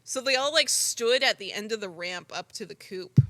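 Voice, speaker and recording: A young woman co-hosting a podcast, telling stories in an animated, casual way full of "like" and the odd swear word. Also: medium pitch, moderate pace. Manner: animated storytelling, frequent "like" and swearing. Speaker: podcast co-host. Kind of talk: casual chat.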